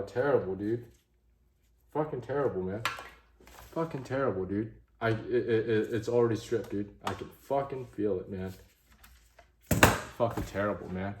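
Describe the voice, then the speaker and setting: A man's voice: lowish voice, moderate pace, long pauses, darkish tone, roomy sound, a little hiss or hum. A man vlogging a gear review who swears a lot and talks straight to his viewers. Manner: frustrated, swears heavily, talks to viewers as "guys" and "gents". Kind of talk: casual gear vlog.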